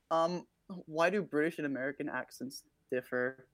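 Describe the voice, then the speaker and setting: A young woman chatting casually as co-host, quick with asides and laughing often. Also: sits low. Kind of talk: casual chat.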